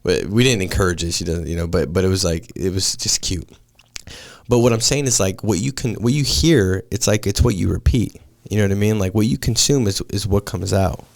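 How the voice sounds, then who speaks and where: Laid-back low-voiced male podcast host. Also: fairly quick, gravelly. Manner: laid-back, says dude and man a lot. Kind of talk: casual podcast chat.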